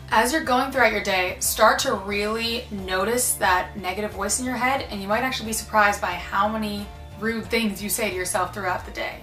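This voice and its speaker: A young woman talks earnestly to the camera, handing out advice in a bright, clear voice. Her voice rings in an echoey room, with faint music underneath. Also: medium pitch, steady tone, normal speed, hardly any pauses. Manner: earnest, acts out inner voices. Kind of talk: casual advice talk to camera.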